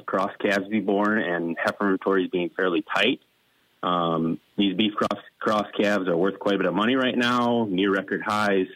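A man guesting on a farm radio interview as a dairy lending specialist, talking in a measured, businesslike way. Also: on the low side, fairly bright tone, no echo, low-quality recording. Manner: plain-spoken, measured, businesslike.

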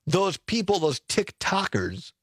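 A man's voice: high-pitched, sing-song, slow pace, husky, dry recording, studio quality. A middle-aged man hosting a radio talk show, chatting casually with frequent chuckles and self-corrections. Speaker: radio host. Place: radio studio. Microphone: studio mic.

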